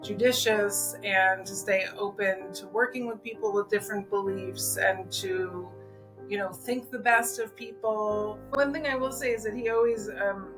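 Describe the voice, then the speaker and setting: A woman's voice: mid-range voice, fairly even intonation, a little slow, poor audio. Middle-aged woman reminiscing over music. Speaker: interview guest. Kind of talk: casual interview.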